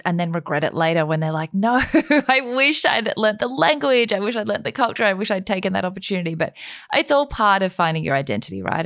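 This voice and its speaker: A woman's voice: sits low, no room sound, clean studio sound. A woman hosting a casual interview, speaking in a thoughtful, supportive way. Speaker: interviewer, host.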